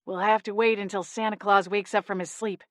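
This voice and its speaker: A woman voicing a calm, authoritative female agent who talks in a level, businesslike way. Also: mid-range voice, brisk, dry recording, clean studio sound, close to an everyday voice.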